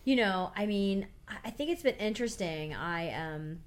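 A woman's voice: mid-range voice, lively intonation, normal speed, slight background noise. A woman co-hosting a casual chat, talking at length and explaining with plenty of fillers.

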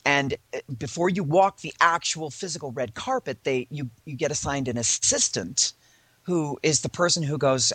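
Animated husky man telling a story. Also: medium pitch, brisk, dry recording. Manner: animated, theatrical, mimics voices in anecdotes. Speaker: podcast co-host. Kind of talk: casual storytelling chat.

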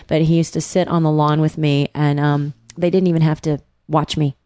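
A woman from the American South with a faint Southern accent, a guest telling stories in a relaxed, reflective interview chat. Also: sits low, normal speed, dry recording. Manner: reflective, storytelling, many fillers.

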